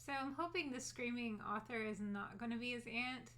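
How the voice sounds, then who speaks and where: A woman's voice: a little high, moderate pace, bright, forceful tone. A woman chatting casually while co-playing a story game, laughing easily and a bit unsure of herself. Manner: self-doubting, laughs easily. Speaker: game co-streamer. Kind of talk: casual let's-play chat.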